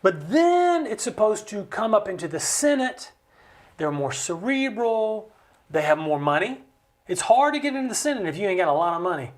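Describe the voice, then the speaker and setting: A man speaking as a studio guest, explaining with passion, in an animated way with jokey asides. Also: high-pitched, normal speed. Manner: animated, acts out quoted voices, jokey asides. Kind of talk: impassioned conversational explanation. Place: recording studio.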